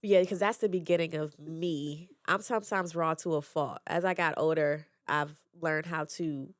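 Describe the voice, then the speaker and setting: A young woman, a guest on a podcast, talking candidly and reflectively in casual chat with quick laughs. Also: low voice, fairly even intonation, no echo, clean studio sound. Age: young adult.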